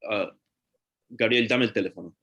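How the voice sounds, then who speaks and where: A man's voice: lowish voice, a little fast, creaky, a bit bright. A middle-aged actor playing a jobless father caught cheating, hesitant and pleading, mixing in Spanish words on a theatre stage. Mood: evasive. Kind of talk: live student stage drama.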